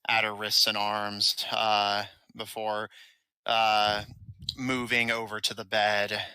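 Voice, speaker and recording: Guy running a tabletop game, lots of uhs, low bright clear voice. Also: monotone, takes it slowly, dry recording, poor audio. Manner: hesitant, filler-heavy narration. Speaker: game master.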